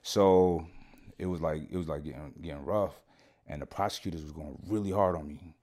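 Male podcast guest with a deep low voice, casual, slangy, profane storyteller. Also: fairly even intonation, a little fast, warm tone. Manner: slangy and profane, keeps saying "you know what I'm saying".

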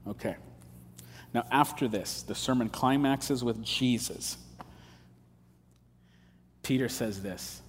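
A man's voice: mid-range voice, takes it slowly, pauses often, a little hiss or hum. A pastor preaching a sermon in a casual, emphatic way, dropping slang asides as he explains scripture. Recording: long hall reverb.

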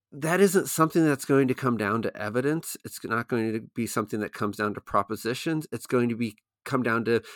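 Podcast co-host, male, mid pitch, dry close sound, halting and exploratory delivery. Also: fairly bright tone, no room sound. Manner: halting, restarts often, thinks aloud. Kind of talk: casual philosophical discussion.

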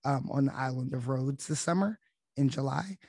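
A man chatting as a guest on a podcast, relaxed and halting, with filler words. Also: medium pitch, heavy background noise. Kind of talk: casual chat.

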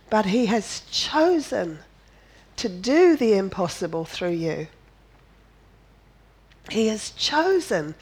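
Lady preaching slow and emphatic, bit high-pitched, keeps asking the room questions and cracking little jokes. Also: big pitch swings, darkish tone, slightly rough, rough recording. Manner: emphatic, rhetorical questions in repeated runs; drops in playful asides and jokes. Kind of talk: sermon.

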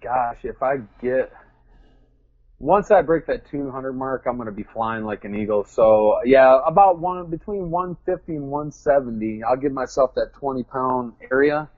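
A man's voice: medium pitch, normal speed, dry recording, phone-quality sound. A man chatting casually as an interview guest, rambling and joking at his own expense. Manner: rambling, self-deprecating, joking.

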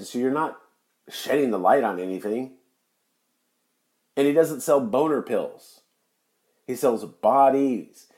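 A man's voice: on the low side, warm tone. Angry, profane man ranting on a podcast. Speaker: podcast host. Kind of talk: solo podcast rant.

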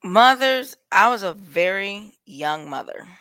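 A woman's voice: mid-range voice, animated, takes it slowly, a bit bright, smooth, no room sound. A woman speaking frankly in casual chat, giving her opinion and telling stories from her own life.

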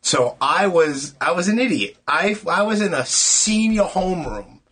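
A man's voice: high-pitched, expressive, fairly bright tone, breathy edge. A man with a New York accent chatting casually and bluntly, swearing freely in a tattoo shop after hours. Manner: blunt, profane, talks in quick broken restarts. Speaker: interviewer. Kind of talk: casual chat.

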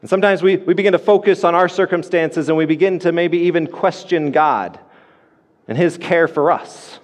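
A man's voice: a little high, normal speed, long reverb tail. A man preaching a sermon as pastor, earnest and repeating his key points for emphasis.

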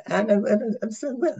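An older man from Ireland, a former honorary consul, telling long anecdotes in a halting way, with many restarts and chuckles. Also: high-pitched, creaky, warm tone, slightly rough, poor audio. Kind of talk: rambling anecdotal conversation.

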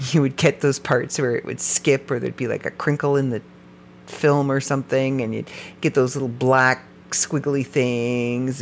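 A podcast host narrates a script of facts. The host often breaks off into joking side comments. The delivery is lively, and the pitch leaps high and drops low. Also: a little hiss or hum. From Canada. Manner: reads facts, then breaks off into playful, joking asides; animated, with sudden jumps up and down in pitch. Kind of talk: podcast narration read from notes.

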